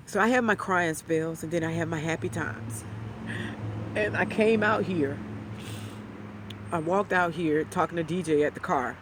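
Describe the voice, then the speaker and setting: A grieving widow talking to camera in a heartfelt, halting way, her voice sometimes breaking into a whisper. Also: on the low side, background noise. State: grieving, near tears. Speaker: widow sharing her grief. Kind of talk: emotional personal talk to camera.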